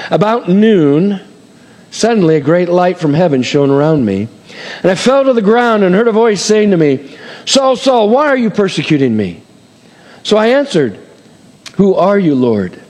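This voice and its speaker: Preacher in a reverberant hall. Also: male voice, fairly high pitch, a little mellow. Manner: dramatic, acts out scripture voices, chuckles. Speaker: pastor. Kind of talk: sermon.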